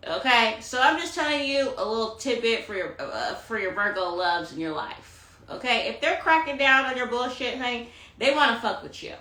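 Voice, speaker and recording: A woman's voice: on the high side, lively intonation, normal speed, sharp tone, echoey room. A woman giving a tarot reading on a phone live stream, sassy and profane, preaching self-love and calling her listeners honey. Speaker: tarot reader. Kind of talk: Instagram live astrology rant.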